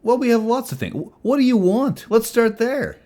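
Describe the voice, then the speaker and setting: A man's voice: very high voice, very animated, moderate pace, pitched above the performer's own voice. A man voicing a jovial, overbearing male innkeeper who fusses over his guests in a tabletop game. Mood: pushy. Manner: loud, overbearing, fussing.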